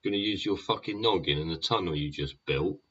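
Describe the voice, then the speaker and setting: Deep-voiced man host, husky, swears constantly, tag questions, dull lo-fi sound. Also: a little fast, fairly bright tone. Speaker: podcast host. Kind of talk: sweary rambling monologue. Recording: dull lo-fi recording.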